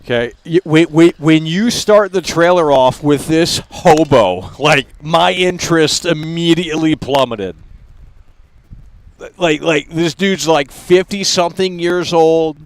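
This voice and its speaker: A high-voiced man hosts a live stream talk show. He rants without a script, swearing freely and sounding fed up. Scornful, mocking laughter keeps breaking through his rant. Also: measured pace. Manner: profane, exasperated ranting.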